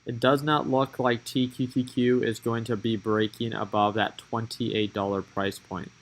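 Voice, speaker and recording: A man streaming live and calling out stock prices as they move. He talks casually and chats while he thinks aloud at his charts. His voice sits at an ordinary, middle pitch. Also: level tone, measured pace, low-quality recording.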